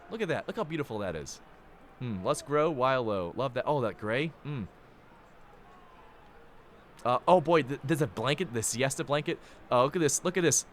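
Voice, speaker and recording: Excitable male sports stream host. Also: a little hiss or hum. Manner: excitable, hype-filled, big pitch swings. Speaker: play-by-play host. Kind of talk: live stream sports cast sign-off.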